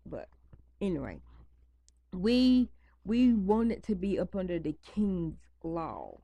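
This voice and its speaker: A woman's voice: on the low side, big pitch swings, slow, dark tone, no echo. A woman talking casually to her viewers at home, rambling and repeating her points for emphasis. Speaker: vlogger. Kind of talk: casual chat to camera. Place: home at night, near pets.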